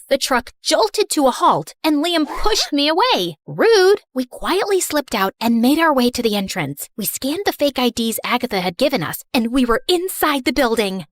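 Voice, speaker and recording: A young woman narrating her own animated story in first person, bubbly and playful. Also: sits high, no room sound, studio quality.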